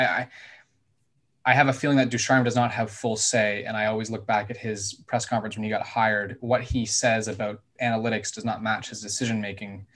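A man's voice: on the low side, a bit bright. A man on a casual sports panel, analytical and hedging his points with "I think". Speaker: hockey podcast panelist.

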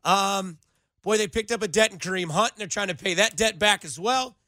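A young man hosting a sports radio show in a studio, talking in an animated, rambling way full of playful comparisons. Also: sits high, brisk, dry recording. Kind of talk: casual sports radio banter.

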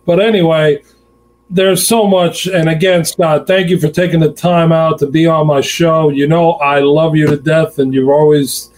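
A man hosting a show, talking in a relaxed, affectionate way and spinning anecdotes. His voice sits a little high for a man. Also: moderate pace, rough recording. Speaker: radio show host. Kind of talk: casual chat.

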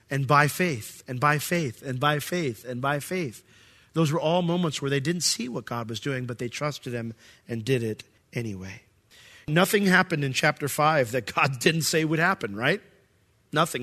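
A man preaching a sermon as pastor, reading scripture and acting out the quoted voices with big jumps in pitch. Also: a bit bright.

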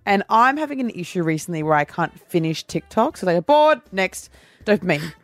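A woman's voice: lowish voice, animated, fairly bright tone, no echo. Aussie radio lady, laughing a lot, telling a story, dry close mic, bit of music under. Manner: giggly, storytelling, quick asides. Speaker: radio host. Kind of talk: casual on-air banter.

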